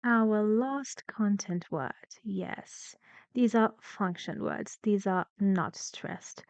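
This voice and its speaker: A woman teaching English pronunciation, talking slowly and deliberately and drawing out words to model rising and falling pitch. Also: a little mellow, no echo. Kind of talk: pronunciation lesson. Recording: slightly dull lo-fi dry sound.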